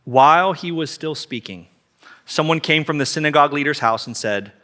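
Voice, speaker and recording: Bright, high-voiced male preacher. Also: normal speed. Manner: emphatic storytelling with repeated phrases. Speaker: pastor. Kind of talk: sermon.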